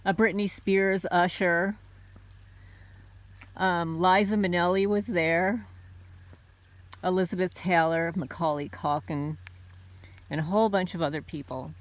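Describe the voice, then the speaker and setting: A woman's voice: fairly low pitch, steady tone, a little slow, long pauses. A middle-aged woman from the United States, hosting her own channel, tells a personal story in a loose, conversational way, full of fillers and restarts. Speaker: homesteading channel host.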